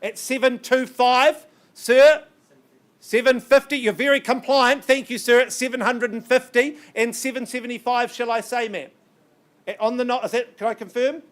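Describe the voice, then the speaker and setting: High-voiced man calling an auction. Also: steady tone. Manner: brisk, coaxing bid-calling with banter. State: strained, losing his voice. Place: auction room.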